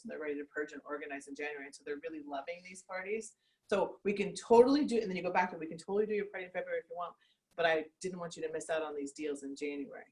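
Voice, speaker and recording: A team leader with a low-leaning voice gives her sales team a pep talk at a meeting, chatting away, laughing often, and acting out little quotes. The recording quality is low.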